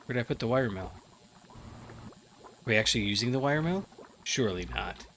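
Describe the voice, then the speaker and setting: Expressive and fairly quick, a medium-pitched, slightly bright male voice carries casual Let's Play commentary. The host sounds a bit groggy after a nap, thinking aloud and rambling with lots of fillers, amid slight background noise.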